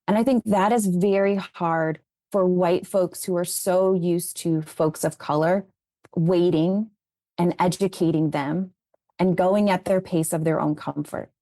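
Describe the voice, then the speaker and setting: A woman's voice: fairly low pitch, unhurried, no room sound, clean studio sound. A woman being interviewed as an educator, telling stories about raising children in an earnest, conversational way. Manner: earnest, animated when retelling conversations.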